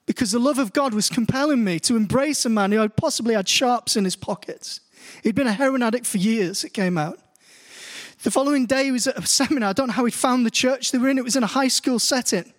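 A man's voice: very high-pitched, fast talker. A middle-aged man preaching in a church hall, reading scripture and then telling stories with earnest, growing passion. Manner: earnest, builds into passionate storytelling.

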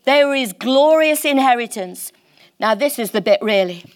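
A woman preaching a sermon in church, impassioned and emphatic, slowing down to stress key words. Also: on the high side, lively intonation.

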